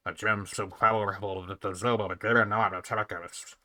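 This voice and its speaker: A man voicing a haughty female alien hive ruler from a video game, reading her lines slowly and solemnly. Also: fairly low pitch, steady tone, bright, forceful tone, voice pushed down. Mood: imperious. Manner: slow, solemn, commanding delivery. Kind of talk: reading game dialogue aloud in a voice.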